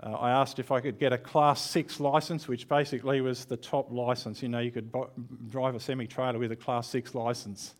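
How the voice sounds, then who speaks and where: A man's voice: medium pitch, level tone, a little fast, few pauses. A man preaching an online church sermon in a conversational, candid way, with self-deprecating asides.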